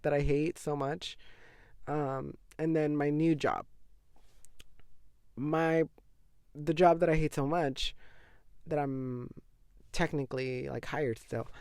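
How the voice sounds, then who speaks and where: A man's voice: on the high side, slow, darkish tone, dry recording, clean studio sound. A nineteen-year-old man hosting a podcast, chatting casually in a gossipy, dramatic way with lots of "like". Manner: gossipy and dramatic, heavy use of "like". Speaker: podcast host. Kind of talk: casual chat.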